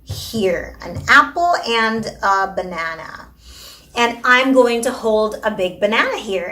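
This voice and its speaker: Bright, high-voiced woman teaching parents. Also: unhurried. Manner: animated, exaggerated sing-song when modeling words for a child. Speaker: speech therapist teaching parents. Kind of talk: instructional video for parents.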